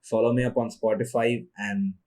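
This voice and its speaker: A man's voice: fairly low pitch, fairly even intonation, moderate pace, darkish tone. Young adult male solo podcaster, native Tamil speaker, tired rambling delivery. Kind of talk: casual monologue.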